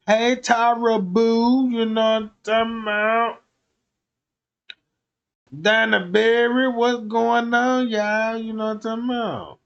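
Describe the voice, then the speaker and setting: Male streamer, high voice, profane comedic rant, chatting with viewers. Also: fairly bright tone, highs cut off. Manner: profane, drawling, talks to the chat. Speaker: livestream host.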